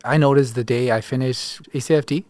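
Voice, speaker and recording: A man's voice: mid-range voice, fairly even intonation, a little fast, darkish tone. A young man, a new army chaplain, answering interview questions in an earnest, thoughtful way. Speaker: chaplain course graduate.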